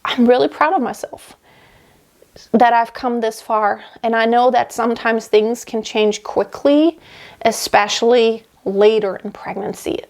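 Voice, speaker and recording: A woman's voice: fairly high pitch, unhurried, darkish tone. A woman in her thirties, out of breath, chatting in a rambling way with many restarts in a casual pregnancy update from her home workroom. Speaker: vlogger.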